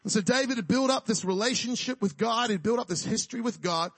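Male preacher, high voice, dry close sound, casual humor. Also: fast talker, husky, dry recording. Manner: jokey, conversational preaching with frequent "right?" and laughs. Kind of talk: sermon.

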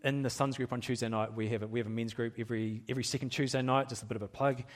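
A man's voice: medium pitch, steady tone, rapid-fire. Candid, chuckling man preaching a sermon. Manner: candid, self-deprecating, laughs often, many restarts. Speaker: pastor.

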